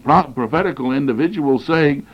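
A man's voice: on the high side, moderate pace. Earnest man lecturing on prophecy, cassette sound. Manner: earnest, emphatic, repeats phrases for stress. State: recovering from flu, occasional coughing. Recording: dull lo-fi cassette tape.

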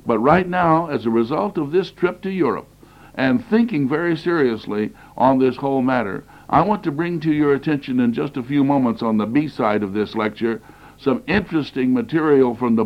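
This mid-range male voice comes through on dull-sounding audio. He's getting over the flu and coughs occasionally as he gives a fervent, emphatic talk on Bible prophecy, hammering points by repeating phrases, all captured on cassette.

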